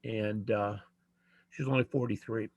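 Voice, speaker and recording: An older man, a guest author, telling a personal story in a Q&A in a slow, earnest, reflective way. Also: on the low side, fairly even intonation, a little mellow, no echo, muffled recording.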